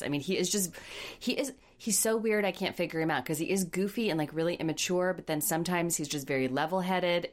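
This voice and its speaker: A low-voiced woman chats on a casual podcast. She is blunt and wry, and she slips into mocking impressions of the people she talks about. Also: quick pace. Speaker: podcast co-host. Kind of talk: casual recap chat.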